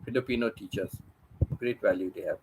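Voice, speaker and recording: A man's voice: fairly low pitch, a little fast, low-quality recording. Guy hosting his own channel, rambles and repeats himself, bit of faint noise behind. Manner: repeats phrases, restarts sentences. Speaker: channel host. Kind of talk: casual rambling chat. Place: living in Thailand.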